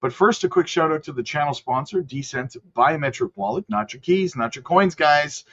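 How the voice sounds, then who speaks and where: A man's voice: on the high side, expressive, normal speed, a bit bright, slightly rough. Guy talking crypto charts, rambly, corrects himself a lot, kinda muffled audio. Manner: loose, chatty, many fillers and self-corrections. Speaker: crypto channel host. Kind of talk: casual screen-share commentary.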